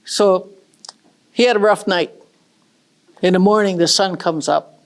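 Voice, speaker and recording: In a mid-range voice, a middle-aged northern Michigan woman relates a traditional tale at a relaxed, homespun pace. She drops in offhand remarks to the people listening.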